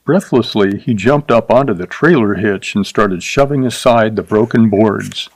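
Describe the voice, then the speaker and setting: A man narrating a short story in a steady, even storytelling voice, adding light character voices. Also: on the low side, moderate pace, dry recording, rough recording. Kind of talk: scripted audiobook narration.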